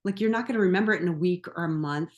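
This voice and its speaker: A woman coaching viewers in a relaxed, conversational way, often laughing and adding animated asides. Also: fairly low pitch, very fast. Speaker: empowerment coach. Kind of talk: casual talk to camera.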